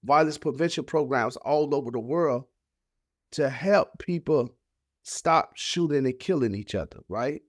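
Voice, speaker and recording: Speaking a little slowly in a medium pitch, a male podcast guest shares a moving personal story, warm and informal, slipping into the voices of his relatives. The audio is studio quality with no echo.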